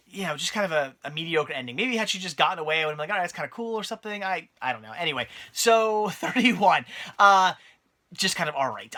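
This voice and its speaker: A man's voice: a little high, pushed and bright. A man giving a casual, rambling spoken movie review, full of fillers and restarts.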